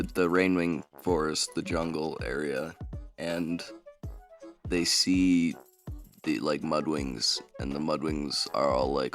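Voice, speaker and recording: A man casually retelling a fantasy book, rambling with lots of fillers. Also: low-pitched. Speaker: book summary vlogger.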